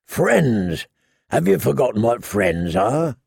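A man's voice: mid-range voice, sing-song, takes it slowly, vocal fry, a little mellow, slightly rough, no echo, studio quality, exaggerated voice. A man voicing a scornful, suspicious young man.

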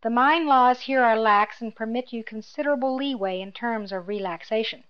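A woman voicing a cold, menacing male imperial officer who speaks in a quiet, clipped, mocking tone, in a slightly dull lo-fi recording. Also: a little high, normal speed, smooth, natural voice.

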